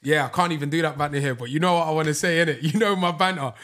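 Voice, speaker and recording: A young man, co-hosting a podcast and telling animated stories in casual chat. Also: fairly high pitch, rapid-fire. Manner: animated storyteller, slips into excited voices. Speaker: podcast co-host.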